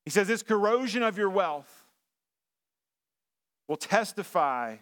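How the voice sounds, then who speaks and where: A man's voice: high voice, lively intonation, slow pace, fairly bright tone, smooth. A male pastor preaching a sermon in a church sanctuary, in a conversational style with frequent fillers and restarts.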